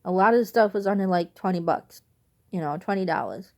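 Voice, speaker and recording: A woman's voice: on the low side, brisk. A young adult woman vlogging, telling a casual, rambling story that turns wistful at times.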